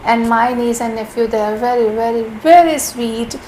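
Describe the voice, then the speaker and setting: A woman runs a slow vocabulary lesson, cheerfully saying each word again and again. Her voice sits high, and faint noise hums behind her. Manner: repeats each word several times, cheerful. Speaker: language teacher.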